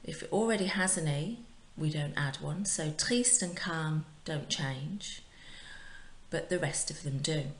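This is a woman teaching a recorded lesson to pupils at home. Her voice sits low and she takes her time, spelling things out patiently and pausing for repetition. The sound bounces around a bare, echoey room. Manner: clear, patient, drills words for repetition. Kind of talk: recorded remote language lesson. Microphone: home recording for remote class.

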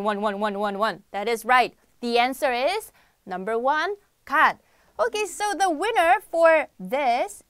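Young korean woman, live quiz host, high voice, unhurried, dry close sound. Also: no room sound. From South Korea. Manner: bubbly, reads out viewer comments, excitable outbursts. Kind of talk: live-stream quiz chat.

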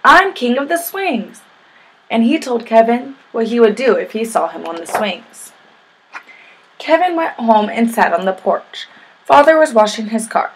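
A woman reading a children's picture book aloud in a steady, gentle narration. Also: on the high side, moderate pace, slight background noise, low-quality recording. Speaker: storyteller.

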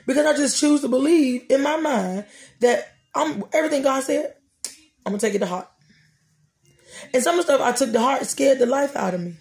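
A woman's voice: sits high, expressive, a little fast, a little mellow. A middle-aged woman, hosting a podcast and praying and talking about faith in a preacherly, repetitive cadence. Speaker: podcast host. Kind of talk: prayer and faith talk.

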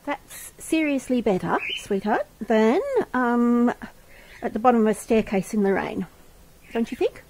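A woman's voice: fairly high pitch, unhurried, darkish tone. An Australian woman who cares for wildlife, cooing tenderly to a rescued animal with pet names, indoors at home. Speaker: wildlife carer.

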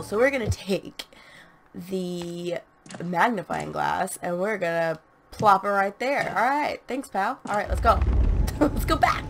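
A woman's voice: lowish voice, creaky, noisy background. A woman hosting a let's play, chatting and reading game notes aloud in a self-mocking way. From United States. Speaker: gaming channel host.

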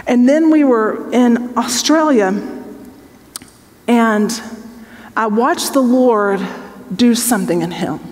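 The speaker is a forty-something Bible teacher with a fairly high, darkish voice who talks slowly and pauses often. In a large hall before an audience, she offers an earnest testimony sermon in a conversational style, regularly checking in with listeners, all under the hall's long reverb.

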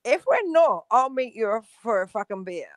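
North london woman on a livestream panel, swears a lot, bouncy lively voice. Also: a little high, normal speed, no room sound, clean studio sound. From London, England. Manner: blunt, swears freely, laughs a lot. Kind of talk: casual live-stream chat.

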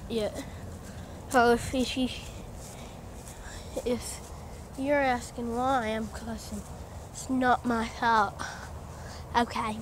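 A teenage girl rambling casually through a tour of her home, with distracted asides, recorded on a handheld phone. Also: a little high. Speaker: vlogger. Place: house, walking through rooms and outdoors. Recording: noisy home video.

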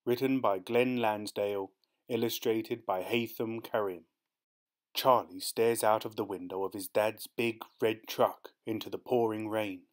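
Man narrator, children's picture book read-aloud, steady and clear. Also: on the low side. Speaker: storybook narrator.

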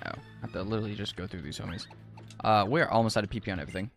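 A man's voice: fairly low pitch, racing, gravelly, soft background music. A young man streaming a game live and chatting with his viewers, exclaiming often and using casual slang.

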